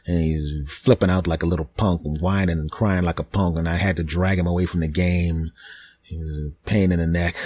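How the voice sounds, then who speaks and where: A man's voice: sits low, warm tone, husky, no room sound. A middle-aged man hosting a podcast, telling a rambling comic story with stammers and restarts. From US East Coast. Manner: rambling, stammering, with put-on voices in quotes. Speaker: podcast host. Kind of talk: comedic storytelling monologue.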